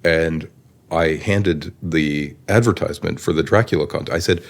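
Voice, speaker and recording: A man telling a long, chatty anecdote in an interview, animated and conversational. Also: deep voice, normal speed, creaky.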